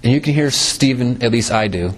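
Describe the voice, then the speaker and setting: Briskly, a preacher reads from scripture and explains its meaning during his sermon, letting his voice fall low and then climb back up to stress his points.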